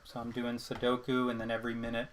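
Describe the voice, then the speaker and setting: A man's voice: medium pitch, completely flat delivery, fast, slight background noise. A man streaming a puzzle game from home, chatting casually and out of breath from exercising between puzzles. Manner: counts exercise reps aloud between chatty asides. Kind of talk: casual chat while playing a puzzle game.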